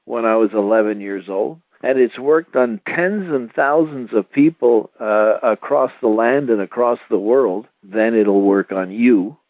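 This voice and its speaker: A man's voice: medium pitch, no echo. Earnest male radio host, tinny sound. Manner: earnest, persuasive, halting. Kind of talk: radio talk show pitch.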